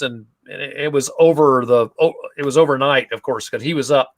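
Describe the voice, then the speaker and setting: A man's voice: mid-range voice, a little fast, few pauses. A man talking as a guest in a casual online interview, upbeat and full of anecdotes. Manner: enthusiastic, storytelling.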